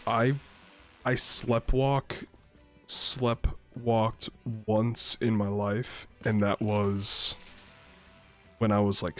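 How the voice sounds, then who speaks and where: A man chatting casually while playing a game, telling rambling stories full of swearing. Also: fairly low pitch. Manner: rambling, profane, laid-back storyteller. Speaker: streamer playing a survival game. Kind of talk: casual gameplay chat and storytelling.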